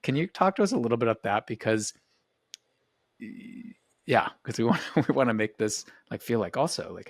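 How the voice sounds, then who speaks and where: A man's voice: mid-range voice, sing-song, fairly quick, creaky, no echo. A man hosting a podcast, talking reflectively and rambling, often restarting his sentences. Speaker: podcast host. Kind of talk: casual podcast conversation.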